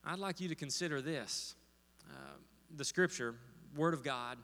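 A man's voice: on the high side, measured pace, vocal fry, fairly bright tone. Man preaching in a reverberant church hall. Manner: storytelling with many fillers and restarts. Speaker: pastor. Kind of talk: sermon. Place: church sanctuary.

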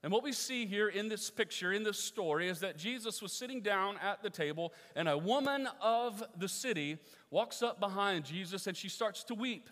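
A man with a fairly high voice preaches to his congregation. He is earnest and repeats key phrases, often dropping his voice low and soft to press a point home. His words ring out with the long reverb of a church sanctuary. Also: animated, normal speed, hardly any pauses. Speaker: pastor. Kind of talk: sermon.

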